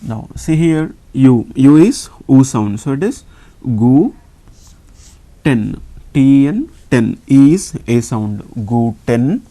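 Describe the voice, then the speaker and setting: A man from India with an Indian English accent, teaching a slow classroom lesson and patiently repeating each sound. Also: medium pitch, expressive, warm tone. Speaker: language teacher.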